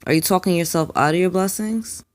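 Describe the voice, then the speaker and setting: This young adult woman, a spiritual card reader, speaks in a lowish voice at a fairly quick pace. She acts out the quotes as she tells an emphatic, animated personal story.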